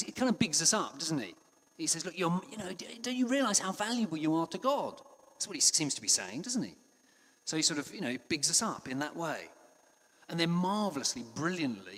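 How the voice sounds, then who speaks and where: A man preaching a sermon in a conversational way, with frequent restarts and passages that drop to a hush. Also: medium pitch. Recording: long hall reverb.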